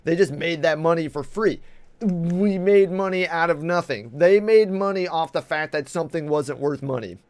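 Brief: male co-host, casual profane chat, animated, tight dry sound. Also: on the high side, moderate pace, no room sound. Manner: animated, swears a lot, acts out voices in quotes.

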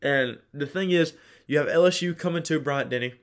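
Young man, solo sports podcast host, slightly high-pitched, chatty, laughs often. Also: fairly quick. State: dry throat. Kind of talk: casual solo sports talk.

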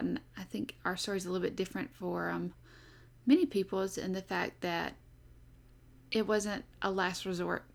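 A woman's voice: lowish voice, creaky. A young adult woman hosting a casual podcast, chatty and upbeat with frequent fillers. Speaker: podcast host.

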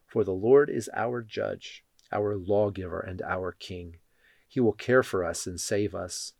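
A man reading Bible passages and leading a prayer in a measured, solemn way. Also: on the low side, a little mellow, dry recording. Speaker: scripture reader.

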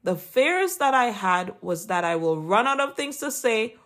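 A woman's voice: fairly high pitch, expressive, unhurried, fairly bright tone. A woman with a Jamaican accent reading an earnest, encouraging Christian motivational talk as a podcast host. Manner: earnest, encouraging, read from a script.

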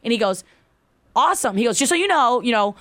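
A woman's voice: on the high side, rapid-fire, dry recording. A woman casually telling a personal story, acting out the voices of the people in it. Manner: animated, acts out quoted voices.

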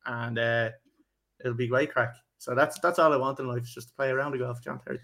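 A man's voice: mid-range voice, steady tone, fast, vocal fry, fairly bright tone. A young man hosting a football podcast, rambling through a story with lots of swearing and laughter. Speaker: podcast host. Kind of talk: casual football podcast chat.

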